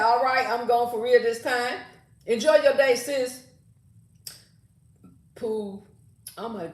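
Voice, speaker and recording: A woman hosts a relaxed livestream and reads out viewer comments, greeting each person by name. Her voice sits a little high. The room around her is echoey. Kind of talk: casual livestream chat.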